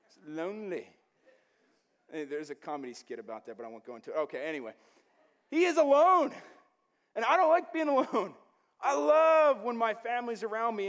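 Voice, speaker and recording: Male pastor, fairly high voice, jokey conversational sermon delivery in church. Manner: joking, conversational preaching.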